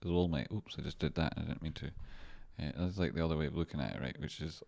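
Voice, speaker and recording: A man's voice: a bass voice, fast, creaky, darkish tone. A man hosting a live stream, chatting loosely and rambling as he answers his chat and talks through stock charts. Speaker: livestream host doing stock chart analysis.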